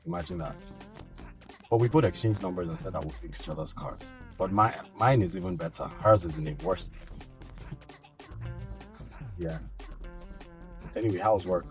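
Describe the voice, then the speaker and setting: A man's voice: deep voice, lively intonation, normal speed, gravelly, pauses often, faint music behind. An actor with a Nigerian accent playing an easygoing man who chats to his girlfriend and tells her a story with amusement. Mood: amused. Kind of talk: Nigerian film drama acting.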